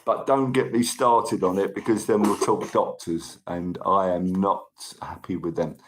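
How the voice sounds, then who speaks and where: A man's voice: deep voice, fairly even intonation, measured pace, a little hiss or hum, rough recording. A man hosting a casual livestream, chatting with viewers and thanking them by name, with a tickly cough. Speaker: livestream host. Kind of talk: casual live chat reading viewer comments.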